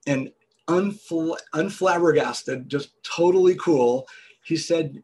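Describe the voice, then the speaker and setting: Gravelly husky male storyteller. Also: mid-range voice, animated. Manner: measured, storytelling, explanatory. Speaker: guest entrepreneur. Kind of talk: storytelling business interview.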